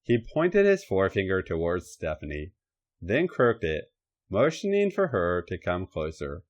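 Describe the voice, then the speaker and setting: Low-voiced man narrating dramatically. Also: huge pitch swings, unhurried. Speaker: podcast host reading a story. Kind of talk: comedic erotic story reading.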